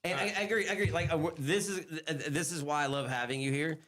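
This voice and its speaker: A man hosting a casual live-stream chat, stammering with many restarts as he reads haltingly from a screen. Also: on the high side, fairly even intonation, fairly bright tone. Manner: stammering, full of restarts and fillers. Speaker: podcast host.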